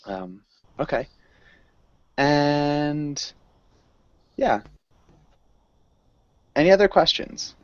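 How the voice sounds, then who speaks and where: A man's voice: a little high, very animated, extremely slow, long pauses, clear, resonant tone, no echo, lo-fi sound. A man teaching an English class, patient and encouraging as he explains pronunciation. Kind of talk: online group language lesson.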